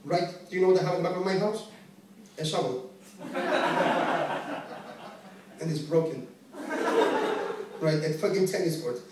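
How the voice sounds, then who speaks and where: A man in his late twenties doing a stand-up set from a club stage, with brash, profane, animated storytelling. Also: fairly high pitch, moderate pace, long pauses, background noise. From Greek family. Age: late 20s. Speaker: stand-up comedian. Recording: echoey venue heard from a distance. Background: audience laughter.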